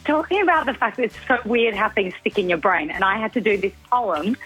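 Flustered Australian mum, husky voice. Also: female voice, mid-range voice, animated, brisk, a bit bright, faint music behind, rough recording. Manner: flustered, laughing it off. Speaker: caller, mother. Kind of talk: phone call to a radio show.

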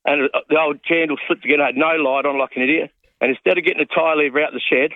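A man in his late fifties calls in to a radio show and rattles off a rambling, self-deprecating tale. His voice sits a little high for a man and comes through a thin, tinny phone line. The sound is dry and close. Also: fairly even intonation, very fast, no room sound. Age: 50s. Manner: rambling, self-mocking storyteller. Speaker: radio caller. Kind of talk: phone-in storytelling.

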